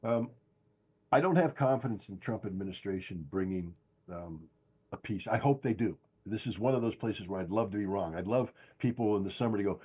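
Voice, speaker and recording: An older man giving forceful, insistent political commentary as a guest, hammering home his points by repeating them. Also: on the low side, a little fast, breathy edge. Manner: emphatic, insistent, repeats key phrases. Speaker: guest analyst. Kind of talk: political commentary on a podcast stream.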